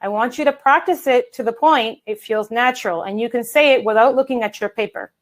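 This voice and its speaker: Energetic woman coaching viewers, fairly high voice. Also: fairly quick, poor audio. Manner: energetic, chatty, addresses viewers as guys. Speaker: English coach and presenter. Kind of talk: online workshop talk. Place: home office at a standing desk. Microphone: video call.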